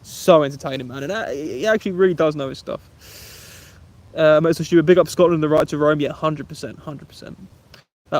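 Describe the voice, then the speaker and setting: A man's voice: a little high, a little fast, darkish tone. A young man, chatting casually on a camping livestream and answering viewers' comments in a laid-back way, calling them mate and bro. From England. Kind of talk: casual live-stream chat reading comments.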